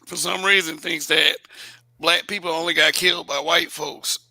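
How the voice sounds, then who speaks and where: A man's voice: fairly high pitch, fairly even intonation, moderate pace, vocal fry, pushed and bright, no echo, low-quality recording. A man hosting a casual political call-in show, blunt and profane, laughing often and stammering over repeated words. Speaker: show host.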